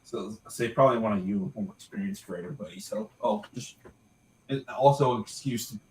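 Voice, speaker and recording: A man's voice: lowish voice, quick pace, darkish tone, roomy sound, distant mic, poor audio. A man co-hosting a casual gaming podcast, rambling and correcting himself as he talks about game news. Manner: rambling, self-correcting, laughs at own jokes. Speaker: podcast co-host. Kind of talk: casual livestream chat.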